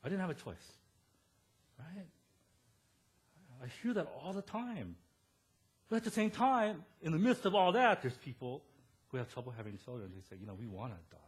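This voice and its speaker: A man in his thirties preaching a sermon as pastor, animated and storytelling, quoting the people he talks about. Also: a little high, normal speed, pauses often, slightly rough.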